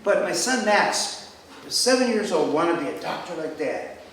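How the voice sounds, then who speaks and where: An older man tells stories in stand-up with a high, lively voice that leaps around. He is heard from a distance in an echoey room. Faint noise and audience laughter sit behind him. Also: normal speed. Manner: storytelling, animated. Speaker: stand-up comedian, retired doctor. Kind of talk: stand-up routine.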